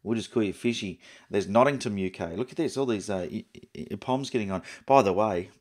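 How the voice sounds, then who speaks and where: Low-voiced Australian man chatting casually. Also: a little fast. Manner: rambling, chatty, many fillers and restarts. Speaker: photography livestream host. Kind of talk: casual live-stream chat.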